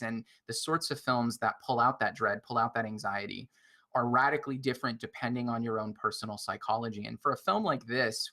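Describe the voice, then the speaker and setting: A man's voice: mid-range voice, sharp tone. A man co-hosting a roundtable film podcast, reflective and philosophical, often checking in with "right?". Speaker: podcast co-host.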